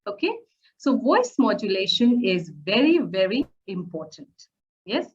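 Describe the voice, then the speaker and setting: A woman's voice: medium pitch, very animated, unhurried, slightly rough. Woman teaching. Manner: frequent "uh" fillers and "okay?" checks with listeners. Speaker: public speaking instructor. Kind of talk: online course lecture. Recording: muffled lo-fi recording.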